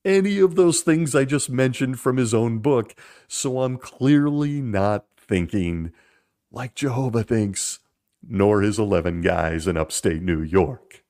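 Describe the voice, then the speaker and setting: A man's voice: mid-range voice, unhurried, darkish tone. A man hosting a podcast, giving critical commentary in a sarcastic, mocking way. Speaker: podcast host.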